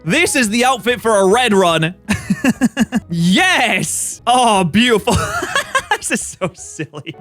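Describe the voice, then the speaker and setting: Animated, high-voiced male gaming commentator. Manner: playful, joking, quick swings between excitement and deadpan mutters. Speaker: gaming YouTuber. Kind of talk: gameplay commentary.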